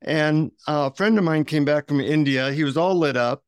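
A man, an author and guest on an interview, telling lively, self-mocking anecdotes. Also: fairly high pitch, moderate pace, clear, resonant tone, no echo, studio quality. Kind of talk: interview storytelling.

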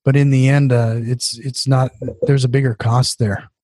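A man hosts a podcast in a casual interview and reflects thoughtfully on what his guest has said. His voice sits at a middle pitch, and the sound is dry. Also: level tone, moderate pace, dark tone, no echo. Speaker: podcast host.

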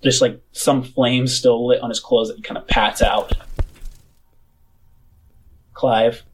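A man narrating as game master of a tabletop game, describing scenes in an unhurried, casual way. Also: mid-range voice, little pitch movement, slight background noise, rough recording.

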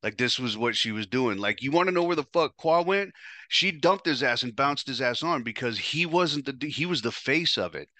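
A man's voice: mid-range voice, lively intonation, normal speed, pushed and bright, no echo. A podcast host telling his own story in the first person, blunt, profane and emotional.

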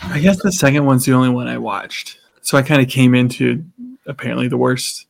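A man's voice: mid-range voice, brisk, vocal fry, background noise. A man co-hosting a podcast, chatting casually as he retells the scenes of a TV episode and acts out the characters' lines. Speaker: podcast co-host. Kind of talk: casual chat recapping a TV episode.

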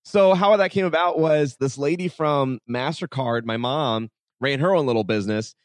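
A man's voice: mid-range voice, moderate pace, no room sound. A man, a podcast guest, telling stories casually and animatedly, acting out the dialogue and saying "like" a lot. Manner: animated, acts out dialogue with many "like"s. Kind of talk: casual storytelling interview.

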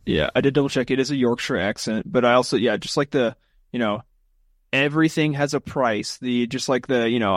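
A man's voice: mid-range voice, a little fast, no echo, studio quality. A man co-hosting a casual podcast chat, rambling with lots of fillers. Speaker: podcast co-host.

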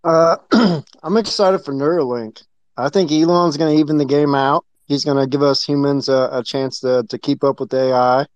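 A man speaks haltingly in casual chat, filling his pauses with hesitant ums. His mic sounds dull and lo-fi, dry and close. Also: fairly high pitch, fairly even intonation, clean tone, dry recording. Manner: halting and hesitant, with many fillers.

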